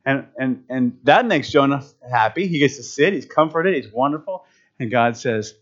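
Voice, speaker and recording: In a dull lo-fi recording, a man with a mid-range voice delivers a conversational sermon at normal speed. He's animated and humorous, often interrupting himself and restarting his phrases.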